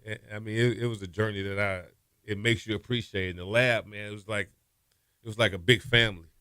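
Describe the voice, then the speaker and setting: Animated storytelling man, bright voice. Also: a little fast, clear, resonant tone, no echo, clean studio sound. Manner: animated storyteller, acts out quotes with raised pitch, laughs often. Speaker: former college quarterback, guest. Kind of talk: casual storytelling interview.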